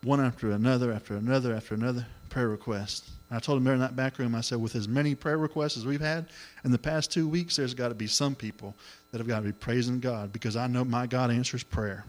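A middle-aged man preaching a sermon, telling the story in an animated way and acting out the voices. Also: medium pitch, fast talker, few pauses. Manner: animated storytelling, acts out voices, exclamations of hallelujah.

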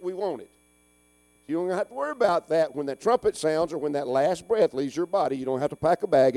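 A middle-aged man preaching a folksy call-and-response sermon, swinging between loud urging and hushed asides. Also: a little high, no room sound. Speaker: pastor.

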